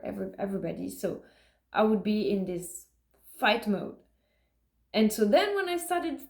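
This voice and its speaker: A woman's voice: medium pitch, gravelly, a little mellow, reverberant. A woman talking casually in a vlog, musing and rambling with many fillers and restarts. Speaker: vlogger. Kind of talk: casual self-recorded vlog talk.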